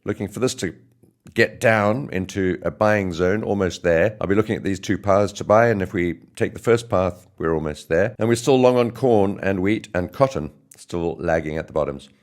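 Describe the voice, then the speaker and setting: Male host, hoarse, very low voice, chatty market rundown with asides. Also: normal speed. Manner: chatty, self-correcting. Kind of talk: trading market update.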